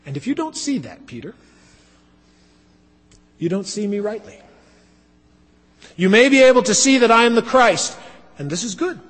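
A man preaching a sermon, dramatic and expressive, acting out the voices he quotes. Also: high voice, normal speed, long pauses. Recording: long hall reverb.

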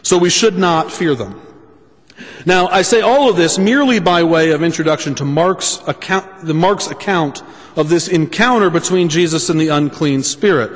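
A man preaching a sermon, speaking deliberately and restating his points for emphasis. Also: on the high side, in a large hall.

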